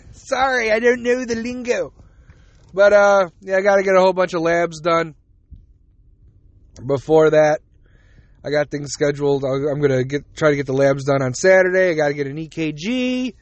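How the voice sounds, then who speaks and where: A man's voice: a little high, moderate pace, dry recording, highs cut off. A man hosting a casual solo podcast, rambling and swearing as he retells conversations, tired and yawning. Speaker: podcast host.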